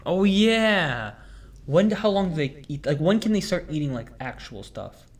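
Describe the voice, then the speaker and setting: A man's voice: on the high side, sing-song, unhurried. A young man hosting a podcast, telling rambling, jokey stories in casual chat with lots of fillers. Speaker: podcast host.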